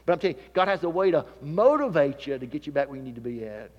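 A man preaching a sermon, building to emphatic repeated calls and dropping to quiet, earnest asides. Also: on the high side, lively intonation, fast talker, big-room sound, lo-fi sound.

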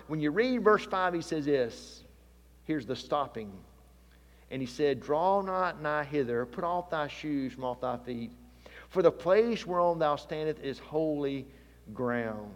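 Emphatic preacher man, reverberant hall. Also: a little high. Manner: preaching with rising emphatic calls, repeating names. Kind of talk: sermon.

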